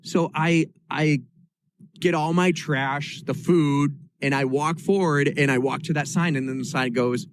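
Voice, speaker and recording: A man from New Hampshire co-hosting a podcast, telling a story in a lively, self-mocking way and acting out the quotes. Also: fairly high pitch, measured pace, a little hiss or hum, poor audio. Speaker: podcast co-host. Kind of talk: casual storytelling chat.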